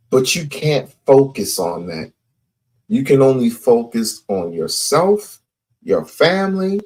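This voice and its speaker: A man's voice: mid-range voice, a little mellow. A man hosting casual commentary, talking emphatically and repeating his points. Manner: slow, emphatic, repeats himself.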